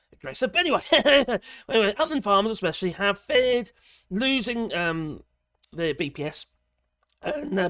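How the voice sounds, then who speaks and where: A woman's voice: lowish voice, dry recording, clean studio sound. Indignant woman ranting. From Britain. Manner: indignant, sarcastic, swears mildly; animated rant, voice jumps up when outraged. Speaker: vlogger commenting on news. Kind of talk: ranting commentary on a news article.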